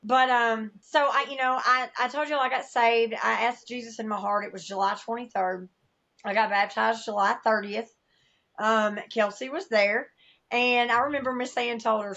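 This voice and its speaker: A woman's voice: on the high side, vocal fry, a bit bright, muffled recording. A woman with a Southern US accent, a podcast guest sharing a personal testimony, candid and emotional, acting out the voices she quotes. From American South.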